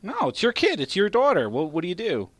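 A man's voice: high voice, huge pitch swings, brisk, fairly bright tone, a little hiss or hum. A man hosting a casual podcast, laughing often and swearing freely as he chats. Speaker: podcast host.

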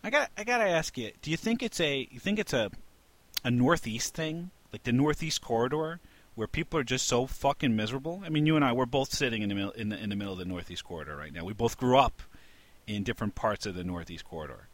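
Male podcast co-host from New York City, mid-pitched, animated and rambling, swears freely, dry close mic. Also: fast, no room sound. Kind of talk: casual chat.

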